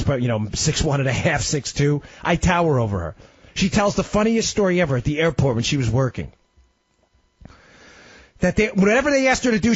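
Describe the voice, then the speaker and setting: Husky, lively radio host man. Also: no room sound. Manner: emphatic storytelling with sudden pitch swings. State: slightly ill. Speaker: radio talk show host. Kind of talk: impassioned talk radio monologue. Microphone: studio microphone. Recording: dry, slightly dull radio studio audio.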